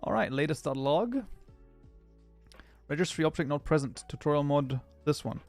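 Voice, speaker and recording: A man's voice: a little high, expressive, normal speed, faint music behind. Chatty man streaming. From Germany. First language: German. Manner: chatty, reads chat aloud and mutters while debugging. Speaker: livestreamer and programming tutor. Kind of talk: casual live-stream chat while coding.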